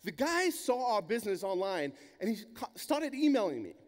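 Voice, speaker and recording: A man from Greece with a German accent gives an energetic keynote talk, telling stories bluntly and swearing freely. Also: high voice, normal speed, in a large hall. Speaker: conference speaker. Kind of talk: keynote storytelling.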